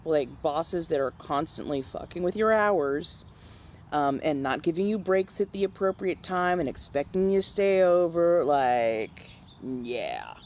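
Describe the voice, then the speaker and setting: Doing her makeup while chatting casually with followers, a young woman tells stories bluntly and profanely, acting out the people she describes in quoted voices. Her voice is low-pitched and animated, with a slight hiss or hum.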